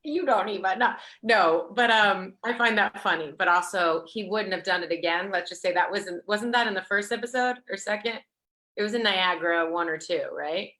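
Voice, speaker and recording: Here the thirty-something actress is a guest in a relaxed interview, wandering through her answers with frequent fillers and restarts. She speaks at normal speed in a medium-pitched, sharp-toned voice.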